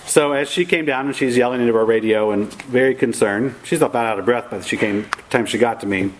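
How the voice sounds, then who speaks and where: A man's voice: medium pitch, fast talker, a little hiss or hum, poor audio. A middle-aged man telling a funny personal story in a wry, self-mocking way, acting out the voices of the people in it. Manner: wry, self-mocking, animated quoting of others.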